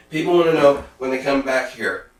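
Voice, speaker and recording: A man giving a spiritual talk, preachy and full of rhetorical questions and folksy asides. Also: medium pitch. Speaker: spiritual speaker. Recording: very echoey room, distant mic.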